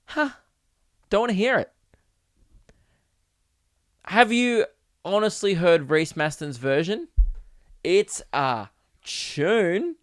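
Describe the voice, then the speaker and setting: Man, fairly high voice, hosting a podcast in a dry, close room; animated and mock-outraged. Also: takes it slowly, pauses often, dry recording. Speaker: podcast host. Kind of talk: casual solo podcast rant.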